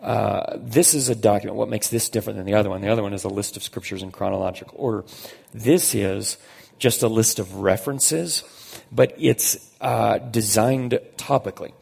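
A man with a fairly low, very husky voice and a heavy gravelly rasp delivers a conversational sermon. He leans on key phrases and slows down to stress them. The sound carries the long reverb of a large church hall. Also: a little mellow. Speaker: pastor.

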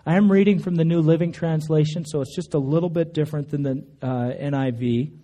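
A man's voice: fairly even intonation, brisk, warm tone. A man preaching a sermon in church, telling stories conversationally and acting out quotes. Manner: conversational storytelling, acts out quotes with raised pitch. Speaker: pastor. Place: church sanctuary.

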